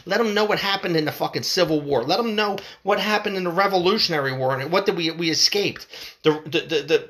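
A man's voice: high voice, a bit bright. A man delivering a heated monologue to his viewers, swearing often, repeating himself and stumbling over restarts. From United States. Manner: fired up, swearing, repeating phrases. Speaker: vlogger.

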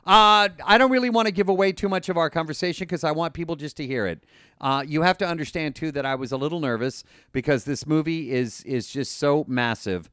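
A man's voice: on the high side, brisk, a bit bright, smooth, no echo, studio quality. A man hosting a podcast, talking casually and enthusiastically, often repeating and restarting words. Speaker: podcast host.

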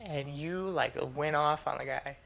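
A man's voice: on the high side, unhurried, creaky, a bit bright. A young man asking his sister questions in casual conversation, speaking hesitantly.

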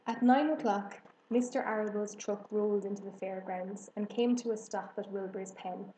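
A woman narrating a children's storybook in an even, measured way. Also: mid-range voice, reverberant, slight background noise, rough recording. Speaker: audiobook narrator.

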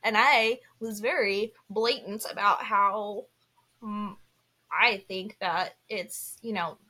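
A woman's voice: medium pitch, slow pace, sharp tone. A young woman co-hosting a podcast, talking candidly and earnestly in casual chat, with frequent restarts and fillers. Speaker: podcast co-host.

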